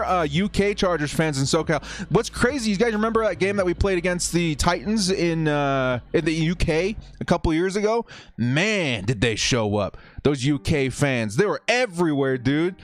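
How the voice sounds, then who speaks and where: A man hosting a casual live watch-party stream, chatting excitably with viewers and laughing often. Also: a little high. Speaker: livestream host.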